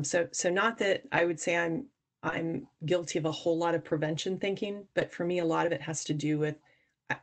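A woman guest on a podcast, explaining earnestly how investors judge founders, often restarting her sentences. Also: low voice. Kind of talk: podcast interview answers.

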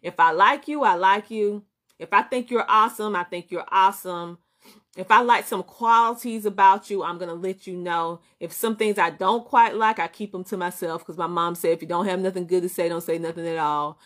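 A woman's voice: fairly low pitch, a little fast, fairly bright tone. A woman with a Southern US accent, a business coach hosting a motivational live stream, who talks emphatically and repeats her points. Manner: emphatic, repetitive, greets viewers by name. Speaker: business coach and show host.

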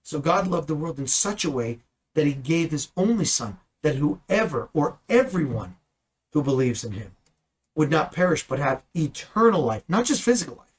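A man with a somewhat high, husky voice teaches scripture in an easygoing, conversational way. He speaks earnestly and leans into his points with sudden emphatic bursts. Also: sing-song, moderate pace, low-quality recording. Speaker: Bible teacher.

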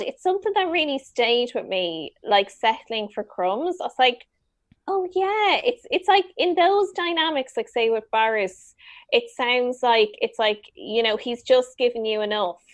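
A woman co-hosting a podcast, chatting in a lively, teasing way and jumping in quickly. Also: fairly high pitch, no room sound. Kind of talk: casual chat.

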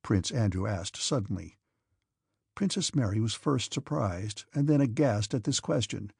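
A man narrating a classic novel as an audiobook in a measured storytelling manner. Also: fairly low pitch, lively intonation, vocal fry, husky, no echo, clean studio sound.

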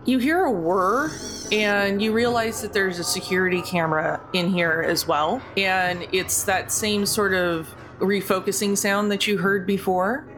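A woman game master narrating a tabletop role-playing game in a relaxed, descriptive, chatty way. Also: mid-range voice, measured pace.

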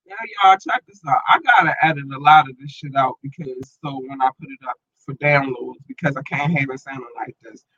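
A man hosting a podcast and online radio show, rambling casually and slangily through listener shout-outs while his eye is irritated and tearing up. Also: mid-range voice, fairly quick, few pauses, muffled recording. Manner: loose, rambling, slangy, repeats himself.

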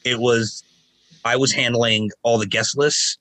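A man in his forties telling stories casually as a podcast guest, animated and raising his voice to act out quotes. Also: mid-range voice, a little slow, no room sound, rough recording. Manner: animated, acts out quotes in raised voice. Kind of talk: casual storytelling.

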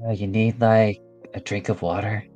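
A man's voice: lowish voice, little pitch movement, moderate pace, dark tone, muffled recording, soft background music. A man playing a tabletop game, speaking hesitantly with fillers. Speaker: player.

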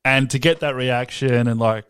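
A man's voice: mid-range voice, steady tone, moderate pace, a bit bright, smooth. A man co-hosting a podcast in casual chat, often laughing and trailing off mid-sentence. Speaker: podcast co-host.

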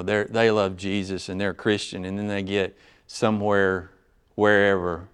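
A male pastor preaching an expository sermon, swinging between loud urgent emphasis and low, quiet asides. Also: clear, resonant tone.

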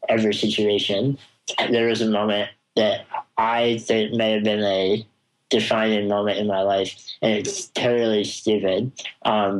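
A young man speaks at an unhurried pace in a fairly low voice. He tells a personal story as an interview guest, pausing often with ums. The delivery stays reflective and conversational. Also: rough recording. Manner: slow, thoughtful, with frequent ums.

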